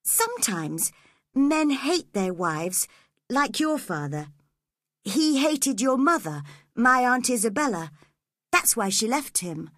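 A woman puts on a sickly, spoiled boy who whines and sulks, his voice high and swooping. His peevish complaints come through a breathy, bright tone, read in a dry, close room for a storybook. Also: big pitch swings, slow pace, dry recording, full character voice. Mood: spiteful. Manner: whiny, petulant.

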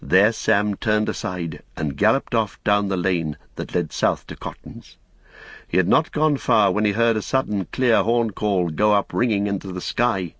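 A man narrating an audiobook in a measured storytelling manner. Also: fairly low pitch, fairly bright tone, no room sound.

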